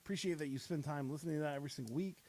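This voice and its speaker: Talking very fast, a man with a fairly high, slightly mellow voice hosts a podcast. His loose, rambling freestyle rap gives way to casual banter as he jokes around with his guests.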